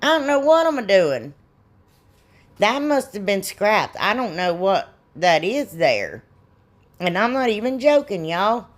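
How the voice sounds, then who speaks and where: A woman's voice: mid-range voice, very animated, slow. A middle-aged woman, rambling and self-deprecating as she explains a craft in a casual tutorial. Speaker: DIY crafts channel host.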